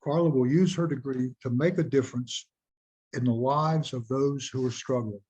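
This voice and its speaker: A man with a husky, slightly rough voice opens a video-call presentation. He reads a prepared introduction in a formal, measured and earnest tone. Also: medium pitch, a little mellow, lo-fi sound. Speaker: host introducing speakers.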